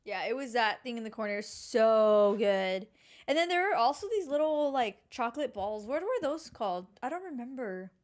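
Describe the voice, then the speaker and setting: A woman's voice: fairly high pitch, sing-song, normal speed. A woman co-hosting a podcast, chatting in a playful, crude and teasing way. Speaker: podcast co-host. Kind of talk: casual podcast chat.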